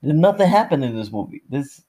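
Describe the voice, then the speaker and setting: A man co-hosting a casual movie review podcast, blunt and slangy, recording at home in the dark during a power cut. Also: on the high side, very animated, brisk, breathy edge. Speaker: podcast co-host.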